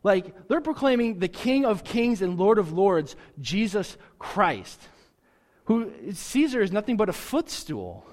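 A man preaching with a somewhat high voice that trails into a long hall reverb. He keeps it lively and playful, doubling back on his words as he goes. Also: measured pace. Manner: lively, joking, repeats words when restarting. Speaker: pastor. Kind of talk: sermon.

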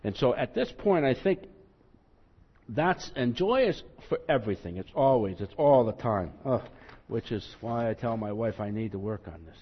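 A man's voice: medium pitch, animated, moderate pace, slightly rough. A male pastor preaching a sermon in a conversational, self-deprecating way, acting out quotes with rising emphasis. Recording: muffled, long hall reverb.

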